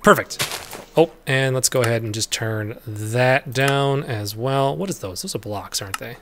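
Over some background noise, a man with a mid-range voice talks at a moderate pace while hosting a let's play. His commentary is casual and rambling, he addresses the game's creatures directly, and he laughs readily and lets out abrupt, loud yelps.

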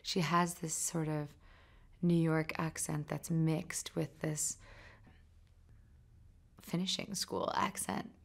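Slow, low, gravelly woman. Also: flat delivery. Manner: thoughtful, halting with restarts. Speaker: film crew member. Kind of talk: promotional interview soundbite.

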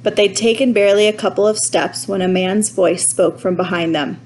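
A woman narrating a children's storybook in a clear, measured reading voice. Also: medium pitch, fairly even intonation, darkish tone, slight background noise, rough recording. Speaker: audiobook reader.

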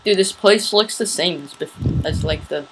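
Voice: mid-range voice, normal speed. Hyped gamer host, keeps saying dude, mid voice, noisy mic with clicks. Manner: excitable, says "dude" a lot. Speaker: let's play host. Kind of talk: casual gaming chat. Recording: noisy home recording with clicks.

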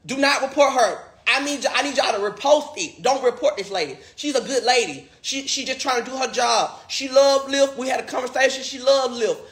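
A man with a high, bright, edgy voice rants and begs his viewers to share his video. He swears freely and circles back to the same pleas again and again. The room around him rings with echo. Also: brisk, hardly any pauses. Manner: pleading, repetitive, swearing. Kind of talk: livestream rant. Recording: echoey room.

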